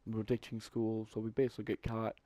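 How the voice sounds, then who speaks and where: A young man telling a story in a casual, profane, animated way, with exasperated asides. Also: fairly low pitch, fast talker, no room sound. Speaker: vlogger.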